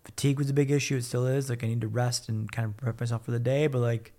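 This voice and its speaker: A man's voice: medium pitch, steady tone, fast, warm tone. A man telling his own story as a podcast guest, blunt and upbeat, swearing freely. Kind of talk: casual candid storytelling.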